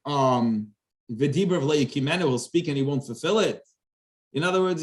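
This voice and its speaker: A man gives a casual Torah lesson in a somewhat high voice. He talks in an easy, conversational way and gets animated when he acts out the characters' lines from the text. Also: normal speed. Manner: animated, acts out the dialogue of the verses with rising pitch. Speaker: rabbi teaching a Torah class.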